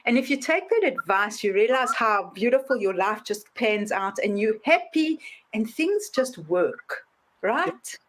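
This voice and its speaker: A woman hosting a podcast interview, telling stories with lively acted-out voices. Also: a little high, measured pace, a little hiss or hum. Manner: animated storyteller, acts out voices in anecdotes. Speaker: podcast host. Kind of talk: casual interview talk.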